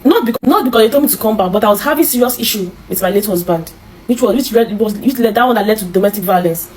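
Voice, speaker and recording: A Nigerian woman telling her own life story in an interview, halting and repeating herself, with many restarts. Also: medium pitch, a little mellow, slight background noise, low-quality recording. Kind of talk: emotional personal storytelling.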